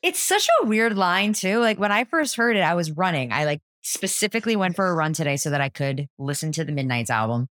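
A young woman with a Jersey accent chats with a lively, bouncing pitch. She is sarcastic and swears freely. Her voice is close and dry. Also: fairly quick, hardly any pauses, no echo. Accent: New Jersey. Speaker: podcast co-host. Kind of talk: casual chat recap.

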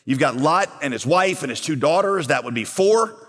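A man's voice: fairly high pitch, animated, moderate pace, fairly bright tone. A man preaching a sermon, retelling a scripture story and posing rhetorical questions to his listeners. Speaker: pastor. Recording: long hall reverb.

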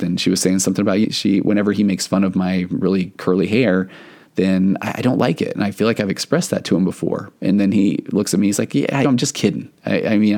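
A man's voice: fairly low pitch, vocal fry, dark tone. A man hosting a podcast as a therapist, telling stories in an earnest, reflective way and acting out the dialogue he quotes. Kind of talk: casual podcast monologue.

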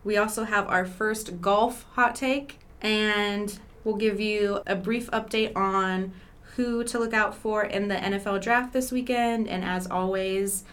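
Young woman hosting a podcast, chatty and casual, says like a lot, middle pitch. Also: steady tone, unhurried, fairly bright tone. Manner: chatty, with lots of "like" and "um" fillers. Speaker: podcast host. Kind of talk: casual chat.

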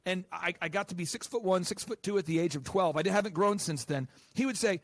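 High-voiced, fired-up man talking fast. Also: no room sound. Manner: animated, emphatic, rapid-fire. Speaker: guest, business coach and podcast host. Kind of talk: interview.

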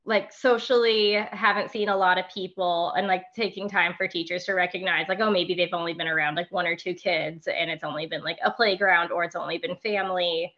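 A woman's voice: lowish voice, fairly even intonation, fairly quick, hardly any pauses, bright, forceful tone, muffled recording. A woman working as a preschool teacher, chatting casually and animatedly, with "like" filling much of her speech. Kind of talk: casual storytelling chat.

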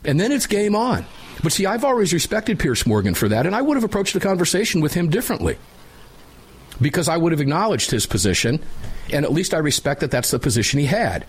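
Husky, opinionated talk radio host man. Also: fairly high pitch, fast. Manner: blunt, opinionated, animated. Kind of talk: casual talk radio chat. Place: radio studio.

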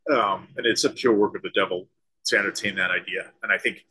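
A man, a former special-forces soldier and leadership consultant, answering interview questions thoughtfully with halting restarts. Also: fairly low pitch, fairly even intonation, bright, forceful tone, breathy edge, low-quality recording. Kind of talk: conversational interview.

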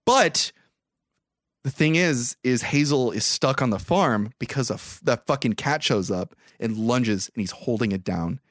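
A man's voice: mid-range voice, measured pace, no room sound, studio quality. A man hosting a podcast, swearing freely as he animatedly recaps a movie plot. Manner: profane, animated storytelling. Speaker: podcast host.

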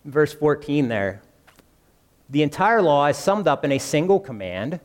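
Male preacher, fairly high voice, chatty sermon style, long church-hall echo. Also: big pitch swings, measured pace. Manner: conversational, asks the congregation questions.

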